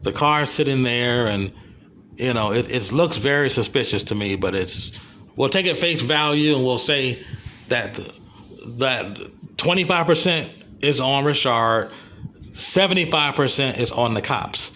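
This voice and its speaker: A man's voice: mid-range voice, lively intonation, unhurried, bright, forceful tone, a little hiss or hum. An American man delivering a rambling, impassioned video commentary, repeating himself as he goes. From USA. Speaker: vlogger.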